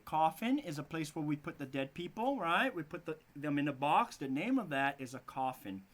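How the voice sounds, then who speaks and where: A man's voice: fairly high pitch, normal speed, few pauses. A man with a Brazilian Portuguese accent, an English teacher reading a story aloud and stopping to explain words. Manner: relaxed, explains words as he goes.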